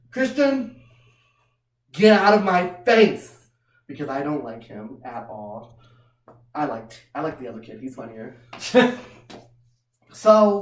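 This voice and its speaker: A woman performs a stand-up set, telling self-mocking stories and breaking into laughter often. She sounds distant from the mic, and the room adds a ringing echo. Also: very deep voice. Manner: loose, self-mocking storytelling with frequent laughs. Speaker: stand-up comedian. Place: small comedy venue. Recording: roomy room heard from far off.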